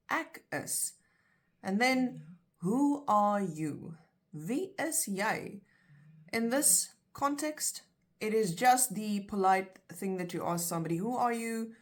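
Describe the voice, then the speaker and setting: A South African woman teaching phrases in a casual, chatty language lesson, explaining with everyday examples. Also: medium pitch. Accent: South African (Afrikaans).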